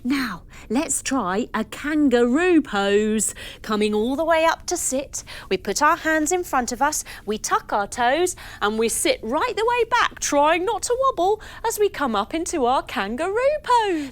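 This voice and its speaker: Lady leading a kids yoga class, high bouncy voice, slow and playful. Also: animated. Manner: playful, sing-song, animal sounds. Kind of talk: guiding a children's yoga class.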